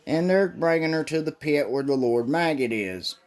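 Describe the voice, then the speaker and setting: A man's voice: fairly high pitch, animated, normal speed, darkish tone. A man casually retelling a comic book's plot in a loose, rambling way, with swearing and stumbles. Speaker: comic book reviewer.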